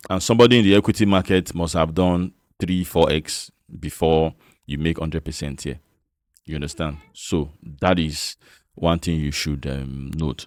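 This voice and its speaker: Very deep-voiced Nigerian man explaining. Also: no room sound, studio quality. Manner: chatty, repeats "you understand?", coaxing. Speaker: investment channel host. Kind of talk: casual screen-share finance tutorial.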